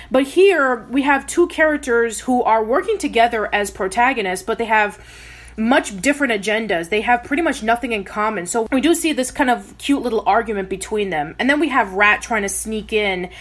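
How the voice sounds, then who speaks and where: Female podcast co-host, slightly high voice, long easygoing plot recaps. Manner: recaps plots at length with fillers. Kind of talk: casual podcast chat.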